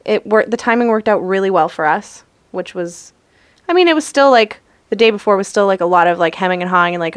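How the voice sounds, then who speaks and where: A woman's voice: mid-range voice, expressive, fast, no echo. A woman co-hosting a casual podcast, rambling and thinking aloud with lots of fillers. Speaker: podcast co-host. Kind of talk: casual chat.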